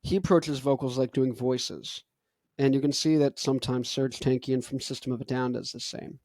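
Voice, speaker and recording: A young man, nose stuffed up, hosts a casual chat on singing technique that wanders loosely and leans on "like." He speaks at a moderate pace in a mid-range, a little mellow voice with fairly even intonation, and there's no room sound.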